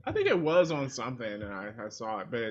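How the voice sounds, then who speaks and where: A man from the American Midwest chats loosely about a film with friends, often laughing and quoting his own thoughts aloud. His voice swings widely in pitch. The recording sounds dull and lo-fi. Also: huge pitch swings, quick pace, background noise. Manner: rambling, laughs often, quotes himself. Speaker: podcast co-host. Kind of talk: casual chat.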